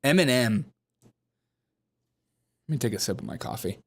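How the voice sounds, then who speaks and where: A man's voice: mid-range voice, animated, racing, a little mellow, slightly rough. A man hosting a comedy news commentary show, talking sarcastically and mocking the people he discusses. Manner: sarcastic, mocking, puts on whiny quoted voices.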